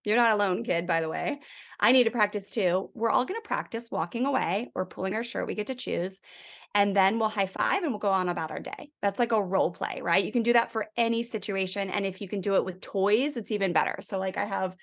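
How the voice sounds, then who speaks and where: A woman's voice: medium pitch, quick pace, creaky. A middle-aged woman, a parenting guest expert, speaking in a conversational interview and acting out quoted lines to children and a spouse. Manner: animated, acts out quoted lines to kids and spouse.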